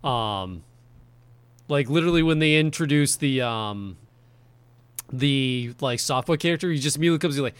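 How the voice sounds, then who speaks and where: A man's voice: mid-range voice, animated, normal speed, pauses often, smooth, no echo. A man co-hosting a podcast in casual chat, rambling with lots of fillers and frequent laughs. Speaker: podcast co-host.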